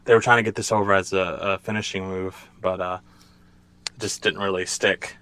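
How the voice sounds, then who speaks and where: A man co-hosting a casual podcast, recapping the action with quick play-by-play and frequent laughs. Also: low-pitched, flat delivery, pushed and bright, clear, resonant tone. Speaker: podcast co-host. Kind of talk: casual chat, recapping a wrestling event.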